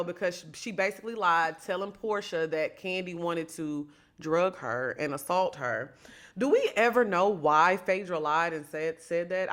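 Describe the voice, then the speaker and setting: Bright-voiced sassy woman podcast host. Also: mid-range voice. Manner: chatty, sassy, addresses listeners directly. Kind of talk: solo reality-TV gossip commentary.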